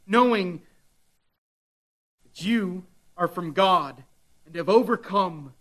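Bright-voiced preacher, slow and dramatic. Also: male voice, high-pitched, expressive. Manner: dramatic preaching, voicing the devil's taunts. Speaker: pastor. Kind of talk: sermon.

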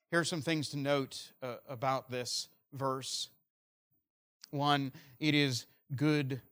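A man preaching a sermon earnestly, moving between loud emphasis and quiet, slow stresses. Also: medium pitch, steady tone. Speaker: pastor.

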